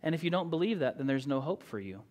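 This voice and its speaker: A man's voice: fairly high pitch, big pitch swings, fast talker. Emphatic male preacher. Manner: emphatic, swings from loud declaring to quiet asides; conversational, with frequent "right?" and "you know". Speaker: pastor. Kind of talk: sermon.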